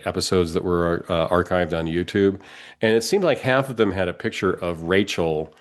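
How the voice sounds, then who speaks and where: A man's voice: deep voice, normal speed. A man with a cold, co-hosting a podcast in casual chat, rambling and restarting his sentences and laughing often. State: has a cold. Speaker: podcast co-host.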